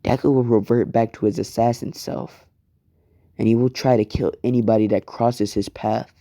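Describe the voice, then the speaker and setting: A man voicing a blunt, urgent teen boy assassin, talking in a hurried, stammering way. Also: medium pitch, fairly even intonation, dark tone, no room sound, studio quality, lightly acted. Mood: alarmed.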